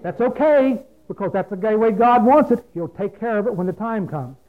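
A man's voice: sits high, animated, moderate pace. A man preaching a folksy, plain-spoken sermon, often asking his listeners questions. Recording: phone-like lo-fi radio broadcast.

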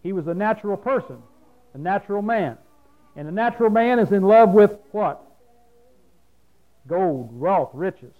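A man's voice: high voice, dull audio. A man preaching a sermon in a folksy, plain-spoken way, asking his listeners questions and answering them himself.

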